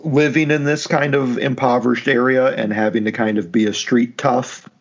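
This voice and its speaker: A man with a gravelly, husky voice talks casually through a horror novel as a podcast co-host, relaxed and chatty. The sound is dull and lo-fi. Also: medium pitch, normal speed. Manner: relaxed, chatty, thinks aloud. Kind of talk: casual book discussion.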